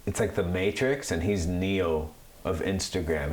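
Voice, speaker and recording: A man's voice: low voice, measured pace. A man in his thirties, a podcast co-host, chatting casually and rambling with many restarts. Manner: rambling, animated, mocks Italian accents. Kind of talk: casual chat. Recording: echoey room with faint noise.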